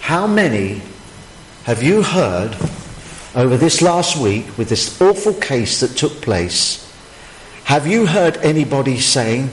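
A man's voice: medium pitch, sing-song, takes it slowly, a little hiss or hum. A man preaching a sermon, emphatic and full of rhetorical questions. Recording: echoey hall, faint ambience.

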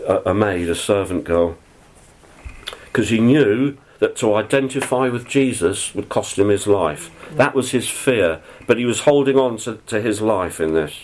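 A man's voice: medium pitch, low-quality recording. A man preaching a sermon, reading scripture aloud and then explaining it in an earnest, conversational way. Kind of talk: sermon, Bible teaching.

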